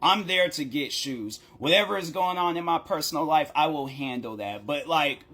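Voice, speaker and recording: A man tells a rambling story time vlog in a slightly high, bright, forward voice. He talks casually and with lots of energy, laughing often and slipping into acted-out quotes as he goes. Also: expressive, normal speed, breathy edge. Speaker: content creator.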